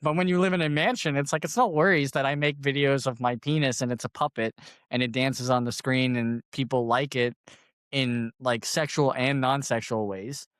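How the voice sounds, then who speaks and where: A man co-hosting a comedy podcast, rambling through deadpan jokes and acting out other people's lines in casual banter. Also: medium pitch, moderate pace, clear, resonant tone, no echo, clean studio sound. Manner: rambling, acts out quoted voices.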